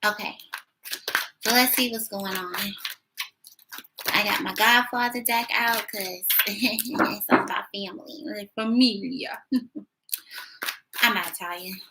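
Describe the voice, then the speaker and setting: A woman's voice: medium pitch, steady tone, slow, pauses often, heavy background noise. A woman giving a casual tarot reading at home, chatty, with many fillers and little laughs. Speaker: tarot reader.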